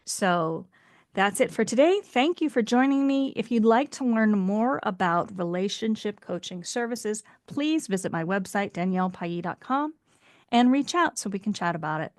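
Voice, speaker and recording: Relationship coach lady, middle pitch, calm explainer voice, no room echo. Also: moderate pace, studio quality. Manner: calm, explanatory, acts out example dialogue. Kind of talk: solo talk explaining relationship advice.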